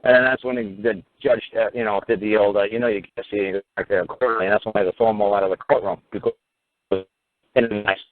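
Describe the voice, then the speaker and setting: Heard through tinny phone-line audio that's dry, a man with a lowish, fairly even voice moves at a quick pace. He's a radio talk host spinning a courtroom tale, swearing casually and emphatically, sometimes getting louder to mimic the people involved.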